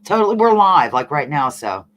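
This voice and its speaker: A woman from the eastern US hosting a casual livestream, reading chat comments aloud in an animated, laughing way. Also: deep voice, moderate pace. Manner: animated, laughing, reads comments in playful voices. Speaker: livestream host.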